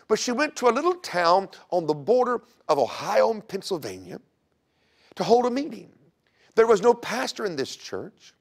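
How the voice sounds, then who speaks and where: A man guest-hosting a Christian broadcast, telling a church history story like a sermon, swinging between loud emphatic bursts and hushed near-whispers. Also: on the high side, creaky. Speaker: guest host. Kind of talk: preaching history talk.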